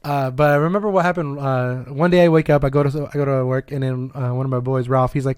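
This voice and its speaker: Fast-talking man telling a story. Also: mid-range voice, clear, resonant tone, dry recording, clean studio sound. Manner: fast, animated storytelling with swearing and laughter. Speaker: podcast co-host. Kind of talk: casual chat among friends.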